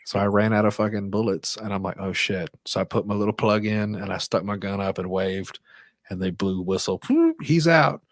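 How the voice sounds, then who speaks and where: A man co-hosting a podcast, telling a crude story in a loose, animated way and swearing a lot. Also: low voice, a little fast, no echo. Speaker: podcast co-host. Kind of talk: casual storytelling chat.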